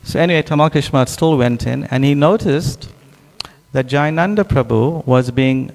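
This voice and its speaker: A man's voice: medium pitch, normal speed, creaky, a little mellow. A man giving a devotional scripture class, telling stories with many restarts and asides, recorded with a long hall reverb. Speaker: class speaker.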